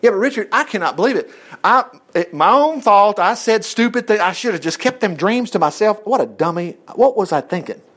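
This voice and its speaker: A preacher slips into a discouraged man who keeps blaming himself, pitched high with a lively, rising and falling voice. He sounds rueful and self-reproaching. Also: fairly quick.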